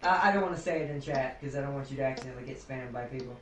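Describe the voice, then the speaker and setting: A man's voice: medium pitch, very fast, fairly bright tone. A man chatting casually with friends on a gaming stream, rambling and laughing often. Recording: distant mic in an echoey room.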